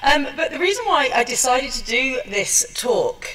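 A woman's voice: high-pitched, sing-song, moderate pace, fairly bright tone, far from the mic, rough recording. A woman giving a chatty, self-deprecating seminar talk, with many ums and restarts. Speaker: seminar speaker. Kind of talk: chatty presentation. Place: seminar room at a trade show.

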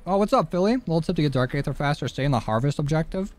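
A man streams live gameplay from home, chatting casually with his viewers and letting out sudden excited yelps. His voice is a little high and rapid-fire, picked up close on a studio dynamic mic.

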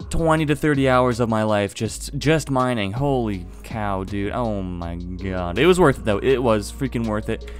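A man giving casual let's-play commentary, excitable and chatty, talking to viewers while he plays. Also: fairly low pitch, normal speed, hardly any pauses, faint music behind. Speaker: gaming video host.

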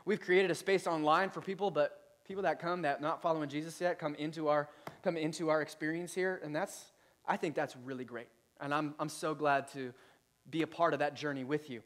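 A man's voice: fairly high pitch, fairly even intonation, a little fast, a bit bright. A male pastor giving a casual sermon to his church, playful and chatty, joking with the congregation. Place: church service.

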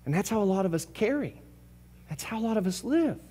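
A pastor delivers a church sermon in a high, straining voice, pounding the same phrases over and over at a fairly quick, sing-song clip with a slightly rough edge. His impassioned preaching lurches from loud, urgent bursts to near whispers, and the long reverb of the church hall rings around every word.

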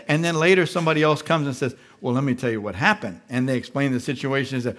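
A man preaching a live sermon as pastor, animated and acting out little voices as he goes. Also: a little high, quick pace. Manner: animated, acts out voices of the flesh and believers. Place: large church.

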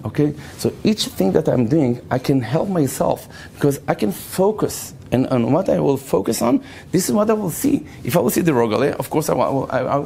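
Animated rabbi telling stories. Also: male voice, mid-range voice, creaky, slight background noise. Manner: animated, acts out voices, laughs often, shouts in stories. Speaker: rabbi giving a talk. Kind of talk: lively storytelling lecture.

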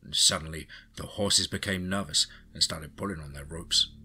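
A man narrating a scripted story, reading every character's lines in nearly his own voice, with a husky tone. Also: rumbling low, moderate pace, bright, forceful tone. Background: music.

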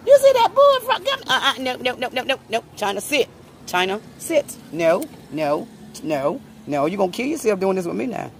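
A woman, vlogging at home on her phone in loud, profane, laughing banter. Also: medium pitch, expressive, normal speed, a little hiss or hum. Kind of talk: casual home vlog. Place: home, indoors then outdoors at night.

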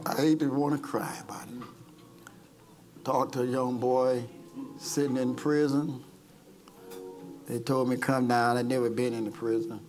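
A man preaching an impassioned sermon as pastor, calling people forward and retelling stories with acted-out quotes. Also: mid-range voice. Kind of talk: sermon with altar call. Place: church service.

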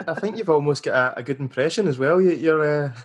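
A man's voice: on the high side, fast. A Scottish man hosting a podcast, chatting casually and laughing along with his guest. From Scotland. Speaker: podcast host.

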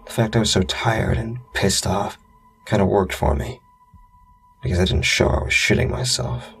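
A man with a deep, gravelly voice tells a first-person scary story in a blunt, profane, wry way. Music plays clearly underneath him throughout. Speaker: narrator.

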